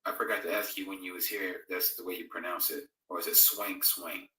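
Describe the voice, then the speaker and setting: A man with a low, sharp voice and fairly even intonation speaks briskly while hosting a Bible fellowship livestream. Between casual chat and scripture reading, he reads out viewer comments and answers them conversationally. The mic is far away and the room echoes.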